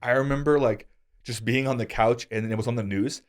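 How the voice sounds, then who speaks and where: A man in his thirties hosting a podcast, telling casual stories with self-deprecating humor. He gets animated, and his voice jumps high when he quotes himself. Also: fairly quick. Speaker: podcast host. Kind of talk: casual conversational storytelling.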